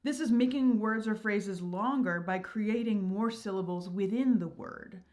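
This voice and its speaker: A woman's voice: mid-range voice, unhurried, a little mellow. A woman hosting her own channel, explaining verse and meter in an upbeat, enthusiastic, teacherly way. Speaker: channel host.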